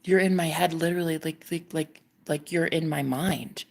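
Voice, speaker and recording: A woman vlogger casually telling a personal story to her viewers, animated and swearing, often dropping into a whisper. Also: deep voice, normal speed, gravelly.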